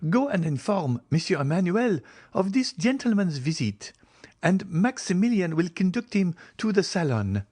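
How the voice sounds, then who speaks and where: A man voicing a young married woman who hosts her brother's guest, with a raised, excited voice. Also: high-pitched, normal speed, breathy edge, dry recording, pitched above the performer's own voice, exaggerated voice. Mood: polite.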